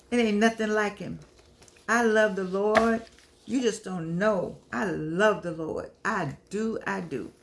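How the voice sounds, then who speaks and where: An older woman speaks straight to her viewers in a heartfelt, preachy monologue. Her voice has a gravelly, creaky texture at a middle pitch. She keeps repeating her points, calls on the Lord, and sounds close to tears. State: teary. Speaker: show host and humanities professor. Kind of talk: casual heartfelt monologue to camera.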